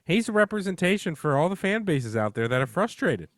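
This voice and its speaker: A man's voice: sits high, fairly quick, a little hiss or hum. A man co-hosting a casual podcast, reacting with jokes and playful commentary. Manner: joking, lively reactions. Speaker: podcast co-host. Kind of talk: casual chat.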